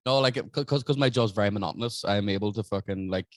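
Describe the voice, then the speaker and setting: A young Northern Irish man talks as a podcast guest, rattling along at a fast clip. He swears often and restarts his sentences. His voice is fairly low and sounds dry and close. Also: no room sound. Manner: rapid, sweary, stumbling restarts. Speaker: guest podcaster and stand-up comic. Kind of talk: casual unscripted chat.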